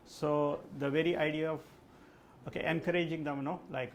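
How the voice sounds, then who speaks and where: This male language test trainer speaks briskly at a fairly high pitch with flat delivery, and there's slight background noise. During a live classroom lesson for an English test, he asks the class questions and explains the answers with lots of "like" and "okay."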